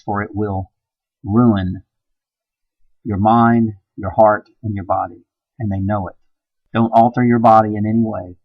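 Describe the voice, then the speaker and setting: A man's voice: lowish voice, steady tone, unhurried, long pauses, no room sound. Intense preachy man, dull lo-fi recording. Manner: preachy, urgent, swings from hushed to loud. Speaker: video blogger. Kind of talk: impassioned monologue to camera.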